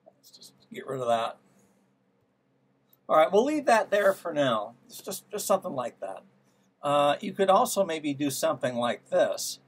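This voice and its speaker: A man's voice: a little high, big pitch swings, normal speed, pauses often, husky. A man teaching music theory, trying out ideas aloud and musing as he works through them. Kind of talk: thinking-aloud music lesson. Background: piano playing.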